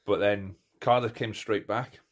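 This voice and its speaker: A middle-aged man with a low voice hosts a casual podcast chat. He talks in an animated, rambling way, stopping and restarting as he acts out the moments he describes. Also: a little slow. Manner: animated storyteller, acts out crowd cheers; chatty, many restarts and fillers. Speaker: podcast host.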